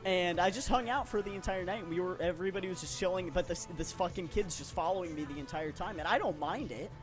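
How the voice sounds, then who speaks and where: A man's voice: high-pitched, fast talker, over music. A young man co-hosting a podcast, telling a story in a casual, profane, rambling way, full of restarts. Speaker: podcast co-host.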